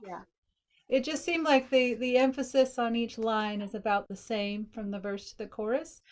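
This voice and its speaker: A woman's voice: a little high, steady tone, moderate pace. A woman coaching a songwriter, thinking aloud and singing lyric lines to show phrasing, with a slight frog in her throat. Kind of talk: casual feedback session.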